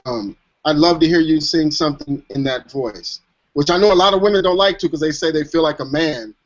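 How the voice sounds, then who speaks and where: A man's voice: on the high side, a little fast. A man hosting a casual video call, asking questions in a rambling way with many ums. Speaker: host. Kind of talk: casual chat. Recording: dull lo-fi call audio.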